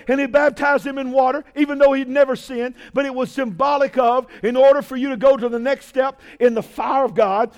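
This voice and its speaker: A man preaching a fiery sermon, shouting and drawing out key phrases and calling out to the congregation. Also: very high voice. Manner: shouting, drawn-out emphatic preaching with call-outs to the congregation.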